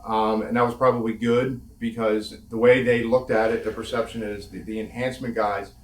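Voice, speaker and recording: A man's voice: on the low side, little pitch movement, brisk. A former pro wrestler telling candid, laughing stories from his career in a casual interview, swearing now and then. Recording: echoey room.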